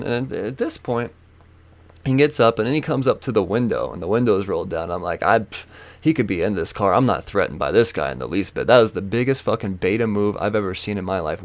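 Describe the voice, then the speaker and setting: A man hosting a podcast, telling a story in a casual, profane, animated way. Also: fairly low pitch. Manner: profane, animated, acts out quoted voices. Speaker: podcast host.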